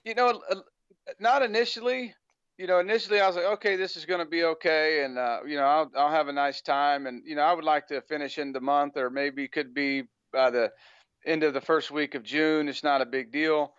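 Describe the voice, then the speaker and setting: A man's voice: fairly high pitch, fairly even intonation, a little fast, fairly bright tone, clear, resonant tone, no room sound, dull audio. An American man speaking as a guest on an interview podcast, talking casually with a rambling flow full of "you know" fillers. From United States.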